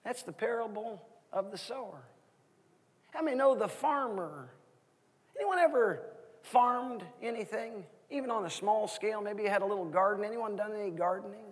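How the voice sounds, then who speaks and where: Husky high-voiced preacher in a church. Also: male voice, normal speed, big-room sound. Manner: animated preaching with questions to the congregation. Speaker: guest minister. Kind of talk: sermon. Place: church sanctuary.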